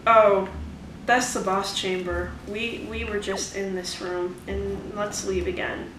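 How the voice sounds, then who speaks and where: A woman's voice: medium pitch, flat delivery, slow, noisy background. A woman giving rambling, chatty gameplay commentary, with wry asides to her viewers. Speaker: let's play commentator. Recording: echoey room, distant mic, music behind.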